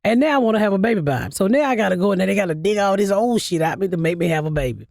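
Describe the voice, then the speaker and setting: Woman comedian, 50s, gravelly voice, lively swooping pitch, profane blunt storytelling, dry close sound. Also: rapid-fire, dry recording. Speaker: comedian guest. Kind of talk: casual interview storytelling.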